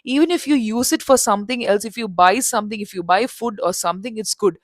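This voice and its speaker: A woman voicing an old male professor who lectures in a calm, dismissive way. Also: medium pitch, fast, no room sound, lightly acted. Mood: lecturing.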